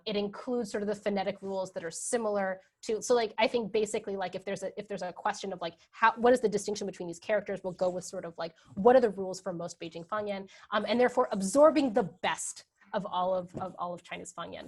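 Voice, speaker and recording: Woman academic fielding questions; tentative, filler-heavy, asks "right?" a lot. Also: mid-range voice. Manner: thinking aloud, many ums and "right?" checks; hedging with "sort of" and "like". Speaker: guest speaker, history professor. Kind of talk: academic Q&A answers.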